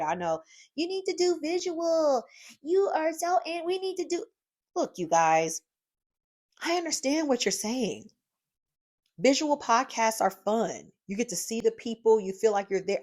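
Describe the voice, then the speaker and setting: A woman hosting her own podcast, talking solo in a lively, encouraging way from her home craft room, calling her listeners "y'all.". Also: mid-range voice. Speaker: podcast host. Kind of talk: casual solo podcast monologue.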